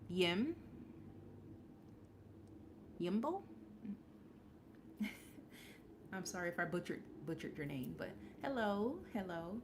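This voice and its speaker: A woman's voice: on the low side, big pitch swings, takes it slowly, long pauses, background noise. A woman in her forties hosting a casual live stream, talking candidly and rambling with restarts and fillers. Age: 40s. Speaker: livestream host.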